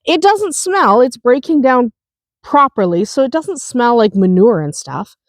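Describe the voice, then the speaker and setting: Outdoors with her homestead channel, a woman explains how to compost in an unhurried, animated way, her voice fairly high and free of room sound. Chatty and quick to laugh, she keeps restarting, and between lines she chews a lozenge for her cold.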